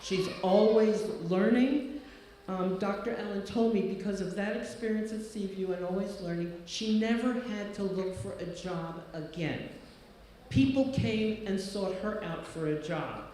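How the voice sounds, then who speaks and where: A man giving a formal ceremony speech, introducing an honored guest in an earnest, measured way with slow emphatic lists. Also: high-pitched, a little mellow. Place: large hall. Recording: echoey hall with faint background noise.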